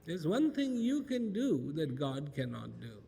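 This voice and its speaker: A shrewd, composed male court minister, told by a storyteller, who answers slowly and carefully. The voice drops low and soft on the punchline, with long reverb from a big hall. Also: wildly swooping pitch, creaky, breathy edge, full character voice. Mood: sly. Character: clever, calm male royal minister.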